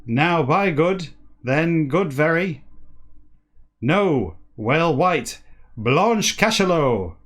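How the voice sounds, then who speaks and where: A man reading a book aloud for comedy, breaking off into dry, deadpan asides. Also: a little high, very slow, pauses often. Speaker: comic reader.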